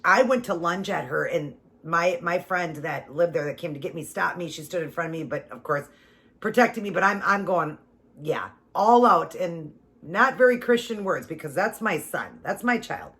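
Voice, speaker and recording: A woman vlogger telling a personal story to her viewers in a casual, animated and emphatic way. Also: lowish voice, normal speed.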